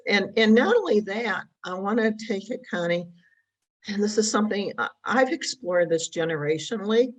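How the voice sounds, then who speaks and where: A reflective woman talks as a guest in a relaxed interview and laughs lightly now and then. Her voice sits at a mid pitch. She sounds set back from the microphone. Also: moderate pace. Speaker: podcast guest. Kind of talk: casual conversational interview. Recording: voice sounds distant from mic.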